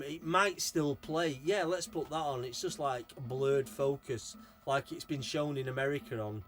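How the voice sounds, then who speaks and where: A man chats to camera about his collection, excited and rambling, and swearing now and then. His voice sits at an ordinary mid pitch, and faint music plays behind him. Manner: enthusiastic, rambling, swears freely. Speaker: collector showing his purchases. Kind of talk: casual video chat.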